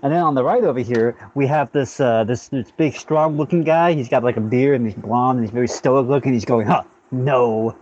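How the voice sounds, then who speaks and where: A man's voice: mid-range voice, brisk, few pauses, a little mellow, slight background noise. Young man in a rambling comedy sketch. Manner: mock-earnest, rambling with many fillers. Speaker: comedian playing forum users. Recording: slightly dull, dry recording.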